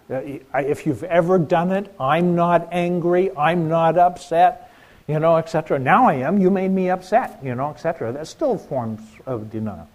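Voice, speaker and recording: A middle-aged man with a fairly high, slightly mellow voice delivers a conversational sermon, putting questions to his congregation.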